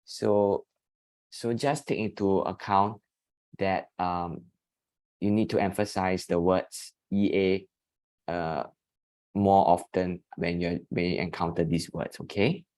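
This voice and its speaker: A man's voice: low-pitched, fairly even intonation, takes it slowly, a little mellow, no room sound. A man teaching an online spoken English lesson, patiently drawing out vowel sounds to demonstrate them. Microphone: video call.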